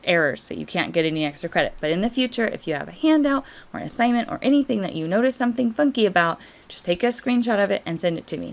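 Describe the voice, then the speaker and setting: A woman Spanish teacher, encouraging and slow and clear as she walks through verb conjugations in a recorded lesson. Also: lowish voice.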